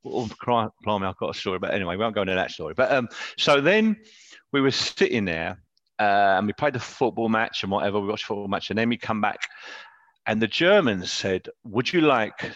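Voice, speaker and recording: A man telling casual, animated stories as a Navy veteran guest, laughing mid-story and adding tag questions. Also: lowish voice, fairly quick, no room sound, lo-fi sound.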